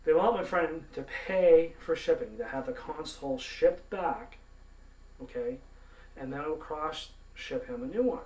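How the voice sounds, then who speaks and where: A man's voice: fairly high pitch, animated, unhurried, a little mellow. Man from Canada, profane gaming rant, mouthy and indignant, echoey room, mic set back. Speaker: gaming vlogger. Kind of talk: ranting monologue to camera. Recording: roomy, mic at a distance.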